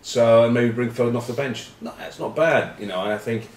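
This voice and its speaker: A man's voice: mid-range voice, fairly quick. A man, rambling wryly and cheekily in casual rugby chat to camera. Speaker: rugby pundit and vlog host. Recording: roomy echo, distant mic.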